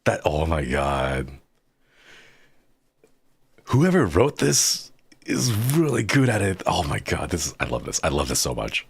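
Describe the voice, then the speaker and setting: A man streaming a story game live, chatting excitedly with his viewers and reacting to the plot. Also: low-pitched, unhurried, gravelly, long pauses, husky, dry recording, clean studio sound. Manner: excitable and chatty, talks to chat while reading game lines.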